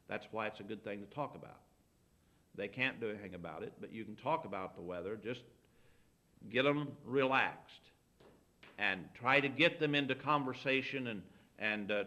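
A man's voice: lowish voice, pushed and bright. A middle-aged man giving folksy, anecdotal advice as a pastor, acting out bits of dialogue as he teaches. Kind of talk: folksy sermon talk.

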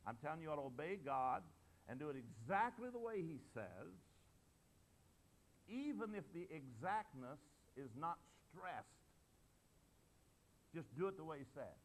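A man's voice: a little high, big pitch swings, a little slow, pauses often. Older male preacher, emphatic sermon. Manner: emphatic, swings between loud and soft.

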